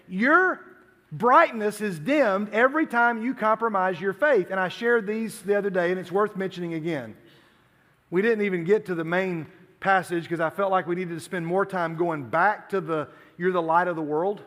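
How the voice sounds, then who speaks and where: A man's voice: sits high, unhurried. A man preaching to a youth group, telling stories animatedly and acting out the dialogue. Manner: animated storytelling, acts out dialogue. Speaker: youth pastor. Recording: long hall reverb.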